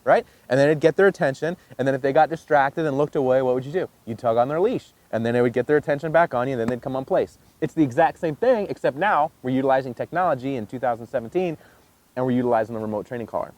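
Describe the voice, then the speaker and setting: A man teaching dog training, explaining casually and jumping into a high excited voice when he demonstrates praise. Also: fast talker, no room sound. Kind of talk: instructional demonstration.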